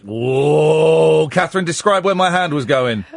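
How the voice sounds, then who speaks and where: A man's voice: medium pitch, big pitch swings, dry recording, clean studio sound. A man hosting a late-night phone-in show, teasing and joking with callers. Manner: playful, teasing, quick to joke. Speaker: radio talk show host. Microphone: studio microphone.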